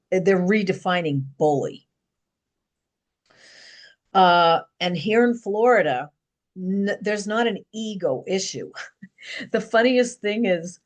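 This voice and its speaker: A middle-aged woman with a lowish, steady voice speaks straight to her viewers about her own life. Her talk is earnest and meandering, full of pauses and restarts. She sounds like a personal vlogger working through her thoughts aloud. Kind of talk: personal motivational monologue.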